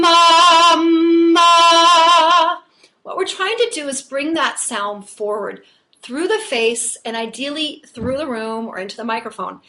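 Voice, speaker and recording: A woman's voice: high-pitched, a bit bright. A woman voice teacher explaining vocal technique in a conversational, explanatory way.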